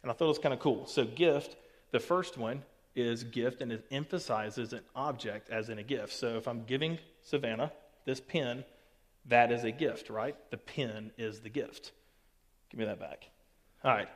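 A man teaches Scripture in an easy, conversational way, his voice at a middle pitch. The sound carries a long hall reverb, as if recorded in a big sanctuary. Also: normal speed. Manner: conversational, peppered with "okay" and "all right". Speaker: pastor. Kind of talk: recorded Bible teaching to camera.

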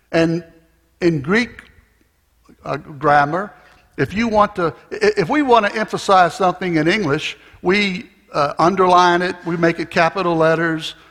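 Slow, higher-voiced male preacher in a hall. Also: fairly bright tone. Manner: slow, teacherly explaining with restarts and fillers. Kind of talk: sermon. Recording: long reverb of a large hall.

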